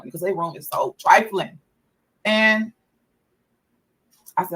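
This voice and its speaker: A woman's voice: on the low side, a little slow, pauses often, fairly bright tone, poor audio. A mother telling a story in a casual vlog, exasperated and profane, repeating herself as she vents about her kids.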